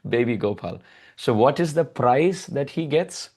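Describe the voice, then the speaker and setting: Male preacher, mid pitch, lively storytelling sermon with chanted verses. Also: unhurried, breathy edge. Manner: animated, acts out mothers' voices in high tones, chants verses. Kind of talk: devotional storytelling lecture.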